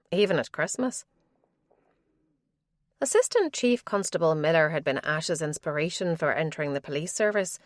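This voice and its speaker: A woman narrating a mystery audiobook in a measured, even way. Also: sits low, no echo, studio quality.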